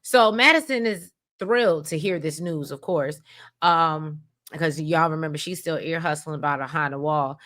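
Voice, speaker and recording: Bright-voiced woman hosting a chatty recap. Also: sits low, moderate pace. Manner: chatty, addresses viewers as y'all, drops into quoted voices. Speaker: soap opera recap host. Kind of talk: casual chatty recap to viewers.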